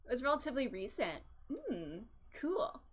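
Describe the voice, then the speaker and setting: A woman streaming a game, chatting casually, giggling and reading lines aloud. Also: high voice. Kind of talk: casual let's-play commentary.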